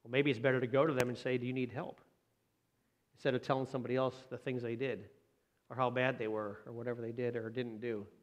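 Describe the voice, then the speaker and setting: A man's voice: medium pitch, little pitch movement, fast, dull audio. Man preaching a chatty sermon. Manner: conversational, tag questions to the congregation. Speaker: pastor.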